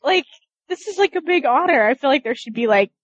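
Lively bubbly woman co-host. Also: sits high, fairly quick, dull audio. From American Midwest. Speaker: podcast co-host and editor. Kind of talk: casual chat.

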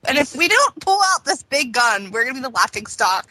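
A woman in a casual group chat, excitable and giggly. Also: high voice, a little fast, no echo.

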